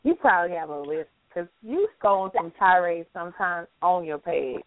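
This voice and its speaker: A playful woman host with a Southern American accent, her voice rising and falling with lively swings. She teases her co-hosts and laughs often. The sound is dry and tinny, like a call over a phone line. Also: lowish voice, moderate pace, dry recording. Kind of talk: casual chat.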